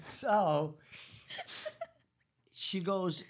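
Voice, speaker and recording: A man's voice: high-pitched, very slow. A middle-aged man with a New York Italian accent, a hair stylist telling a story in a brash, profane way and acting out the people he quotes. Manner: brash, profane, acts out quotes with big voices. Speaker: celebrity hair stylist guest. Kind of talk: animated storytelling.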